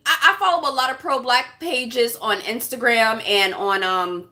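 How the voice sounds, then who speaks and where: A woman with a high voice and a bright, forceful tone delivers a vlog rant to her viewers. She talks bluntly and with passion and swears freely. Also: unhurried, hardly any pauses. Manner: impassioned, blunt, profane. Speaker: vlogger. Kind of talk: casual vlog rant to camera.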